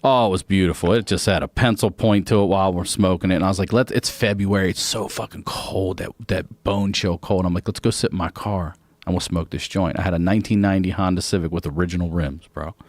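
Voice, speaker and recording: A man in his forties, a podcast guest, telling a long anecdote in a casual, lively way, swearing freely and acting out what people said. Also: low voice, fast, no echo. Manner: lively, profane anecdote telling with quoted voices. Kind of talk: casual storytelling. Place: podcast studio.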